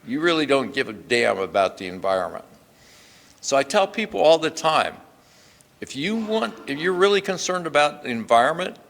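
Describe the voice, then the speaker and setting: A man's voice: medium pitch, gravelly, fairly bright tone. An older man, a state senator, gives a plainspoken, emphatic speech at a podium in a hotel event hall, restarting his sentences often. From Pennsylvania. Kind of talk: speech at a press club luncheon.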